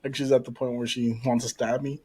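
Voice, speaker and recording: A playful man in a casual podcast chat, quick to laugh at his own stories. His voice is husky, with a bit of breathiness, and it sits at an ordinary middle pitch. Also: level tone, a little mellow, poor audio. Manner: laughs often, joking and playful. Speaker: podcast co-host.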